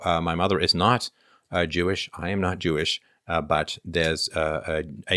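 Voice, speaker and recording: This middle-aged man from Canada has a low, slightly bright voice as he hosts a laid-back livestream. He reads comments and super chats aloud and answers questions conversationally, often saying um and uh. The recording is dry and clean, studio-grade.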